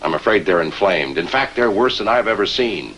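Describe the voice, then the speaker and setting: An actor playing a dry, matter-of-fact family doctor who slips in deadpan jokes. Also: male voice, low voice, fairly quick, muffled recording, slight background noise. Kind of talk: sitcom acting.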